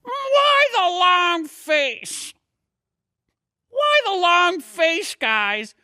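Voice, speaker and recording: Squeaky sock puppet, high and bouncy, rude wisecracks, dry room. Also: male voice, big pitch swings, very slow, sharp tone, no room sound, exaggerated voice. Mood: teasing. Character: man's squeaky ventriloquist sock puppet Otto, pushy and rude.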